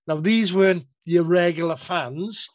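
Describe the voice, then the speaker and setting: A man's voice: high-pitched, measured pace, no room sound. A man with a British accent, reminiscing in a casual chat and often repeating his words.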